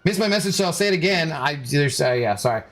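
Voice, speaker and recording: A man's voice: fairly high pitch, expressive, fast, a bit bright. A man streaming a video game in a casual, rambling way, greeting viewers and reading their chat aloud. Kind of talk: casual live-stream commentary.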